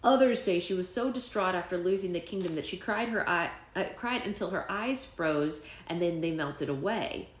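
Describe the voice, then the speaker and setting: A woman's voice: lowish voice, moderate pace, few pauses, reverberant, close to an everyday voice. A woman reading a boy character's lines aloud from a storybook, in close to her own voice. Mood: storytelling.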